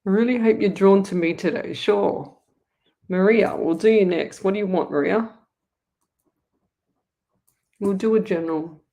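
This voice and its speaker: A woman's voice: medium pitch, measured pace, gravelly, pauses often, dark tone. A woman with an Australian accent hosting a live online psychic reading show, chatty and rambling, talking straight to her viewers. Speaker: psychic medium host.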